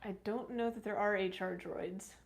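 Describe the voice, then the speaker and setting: A woman hosting a relaxed live stream, reading out comments from her chat and answering each one. She talks in an easy, chatty way, with small fillers and thanks in between. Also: medium pitch, normal speed, creaky.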